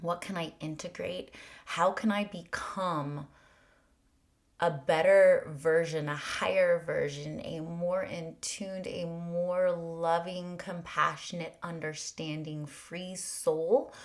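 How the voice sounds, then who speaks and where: A woman with a low voice talks slowly and thoughtfully through a spiritual reflection. She piles up earnest rhetorical questions and now and then sinks into a breathy near-whisper. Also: steady tone. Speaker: podcast host.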